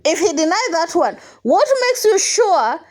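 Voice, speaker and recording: High, lively woman dishing celebrity gossip. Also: unhurried. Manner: animated, laughing often, emphatic rhetorical questions. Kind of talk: casual gossip commentary.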